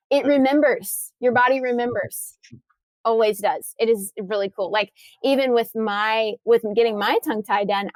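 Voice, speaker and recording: Animated woman with a high voice. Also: no echo. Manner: enthusiastic, animated storytelling with many restarts. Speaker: guest, corrective exercise trainer. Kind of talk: casual podcast interview.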